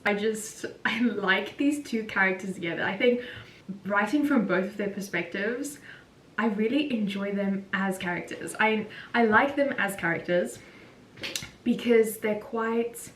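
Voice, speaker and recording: A woman's voice: measured pace, a bit bright, far from the mic. Chatty woman vlogger in a roomy echo. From South Africa. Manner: chatty, rambling, laughs often. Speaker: author vlogger. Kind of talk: casual vlog chat. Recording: roomy echo, voice from off-mic, faint rumble.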